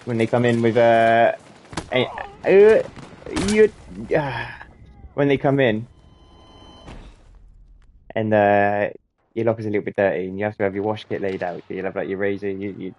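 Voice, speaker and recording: A man's voice: fairly low pitch, normal speed, pauses often, darkish tone. Sweary young man telling stories. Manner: sweary, rambling, laughs at his own stories. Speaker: gaming channel host. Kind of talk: casual storytelling while gaming.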